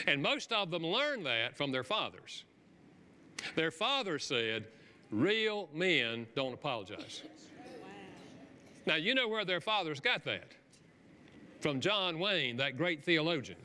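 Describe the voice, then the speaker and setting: A male preacher delivers a sermon in an earnest, conversational way, pushing his voice up for emphasis. His tone is bright and sharp, and it rings with the long reverb of a church hall. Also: a little high, a little hiss or hum. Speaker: guest preacher and author. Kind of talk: sermon with storytelling. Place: church sanctuary.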